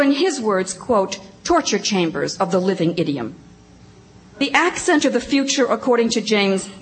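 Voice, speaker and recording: A woman on a panel, reading a prepared academic paper aloud in a measured, precise way. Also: medium pitch, a little hiss or hum, low-quality recording. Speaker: panel speaker.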